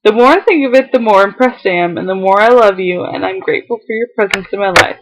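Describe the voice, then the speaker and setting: Reading a heartfelt letter to her vlog audience, a young woman speaks quickly in a mid-range voice, close to tears and struggling to hold them back, with occasional laughs between lines. The recording is rough, with slight background noise.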